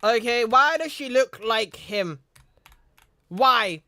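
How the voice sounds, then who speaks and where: A man's voice: very high voice, animated, takes it slowly, pushed and bright, no room sound. A young man casually telling a rambling story, repeating "you know what I mean" and acting out the people in it. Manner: acts out the other people in his story. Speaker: streamer.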